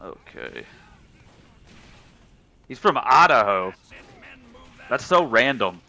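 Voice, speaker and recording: A man's voice: mid-range voice, sing-song, slow, bright, forceful tone, no echo. A young man streaming a game, chatting casually and answering viewers' messages as he plays. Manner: chatty, reads and answers live chat. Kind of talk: casual chat while gaming.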